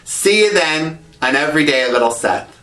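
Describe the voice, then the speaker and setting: A man hosting his own web series, telling comic travel stories in an animated, quip-filled way. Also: fairly high pitch, moderate pace. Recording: roomy echo with music behind.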